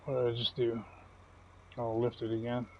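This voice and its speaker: A man's voice: medium pitch, monotone, normal speed, dull audio, slight background noise. A man giving casual, folksy commentary while playing a farming game, chatty and chuckling often. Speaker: gaming channel host.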